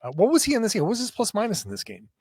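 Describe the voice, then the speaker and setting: Man with a high voice, rambling sports analysis, dry close mic. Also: huge pitch swings, racing, a little mellow, slightly rough, no echo. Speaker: podcast co-host.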